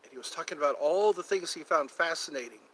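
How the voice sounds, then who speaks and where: A man's voice: a little high, lively intonation, fast talker, fairly bright tone, slight background noise, rough recording. A man hosting a casual live stream outdoors, rambling, chatting to viewers and a cat, and breaking into bits of old songs. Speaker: livestream host. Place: outdoors near a yard or forest edge.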